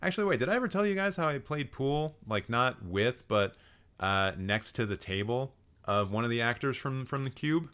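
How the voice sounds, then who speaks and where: A young man hosting a live stream, roasting viewers' film profiles with animated, profane, mock-outraged ranting and chatty asides. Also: mid-range voice, moderate pace, clean tone. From Canada.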